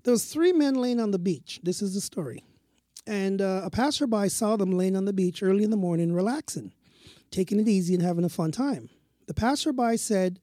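A man co-hosting a casual spiritual talk show, telling stories in a slow, reflective way. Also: high-pitched, warm tone, dry recording, clean studio sound. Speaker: co-host.

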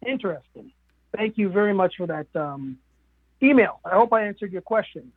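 Brief: Caribbean-born man, a slightly high, breathy voice, earnest radio musings, tinny line. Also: expressive, normal speed, no room sound. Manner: musing, earnest, with many fillers and restarts. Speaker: radio guest speaker. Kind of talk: reflective radio talk. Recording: narrow phone-like radio sound.

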